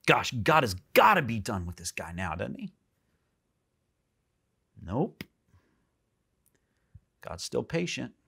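A pastor preaching a sermon in a church, animated, jumping up high for emphasis and dropping soft. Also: male voice, takes it slowly, vocal fry, pauses often, slightly rough.

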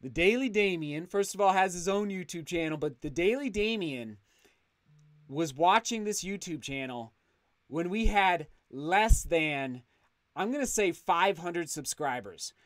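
An eager man in his thirties hosts a live stream from his home studio, thanking viewers with bubbling enthusiasm. His voice sits high and comes through smooth and clear. The sound is close and dry, with no room around it. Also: animated, measured pace, no room sound. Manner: enthusiastic, grateful, often restarts words. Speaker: running vlogger hosting a live stream. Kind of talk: live stream chat, reading super chats.

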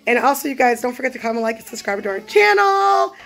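A woman's voice: high voice, big pitch swings, quick pace, a bit bright. A woman, a mother of six vlogging casually from her home kitchen at night, chatty and rambling. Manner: chatty, rambling, loses track. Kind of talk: casual vlog chat.

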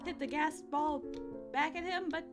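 A woman hosting a let's play, chatting to game creatures and breaking into excited shrieks. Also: high voice, a little slow, music in the background. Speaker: gaming channel host. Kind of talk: let's play gaming commentary.

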